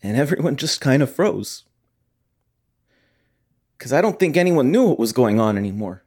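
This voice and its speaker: A young actor playing a guilt-ridden, defensive teenage hockey player in a theatre monologue, rambling and constantly seeking agreement. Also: male voice, medium pitch, very animated, moderate pace, darkish tone. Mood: guilty.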